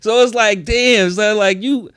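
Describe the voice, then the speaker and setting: A man's voice: measured pace, smooth. A young adult man, hosting a casual podcast chat and acting out quotes with big swings in voice. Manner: animated storyteller, acts out quotes with big pitch swings. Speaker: podcast host.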